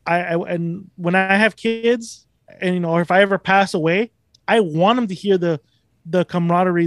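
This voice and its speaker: A man's voice: sits high, no echo, studio quality. A young man hosting a podcast, talking casually in a profane, rambling, emphatic way. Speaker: podcast host.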